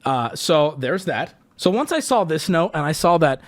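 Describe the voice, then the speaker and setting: A man in his thirties telling an exasperated, profane story to his live stream, swinging between yelling and low muttering. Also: sing-song, fairly quick, hardly any pauses.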